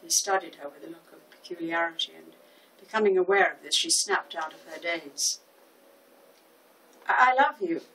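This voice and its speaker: Older actress, 70s, storybook narration, lowish voice, slightly distant mic. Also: female voice, a little hiss or hum. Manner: measured, expressive storytelling. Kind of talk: audiobook reading.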